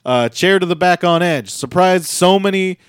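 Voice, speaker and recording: A man with a fairly high voice, talking through a wrestling match move by move on a casual podcast. He gets excited and loud on the big spots. The sound is dry and close, with no room around it. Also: normal speed, clear, resonant tone, dry recording. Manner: lively play-by-play, rising loudly on big moves. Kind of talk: casual chat with play-by-play recap.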